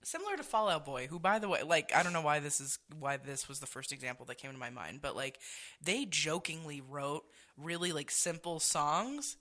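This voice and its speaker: A woman co-hosting a podcast in casual chat, blunt and expressive, swearing and laughing as she talks. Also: low voice, normal speed. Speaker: podcast co-host and songwriter.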